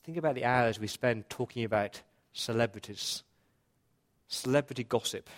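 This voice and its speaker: An earnest male pastor preaches in church at a medium pitch, hammering his points home through repetition. His delivery is direct and conversational. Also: normal speed. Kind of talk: sermon.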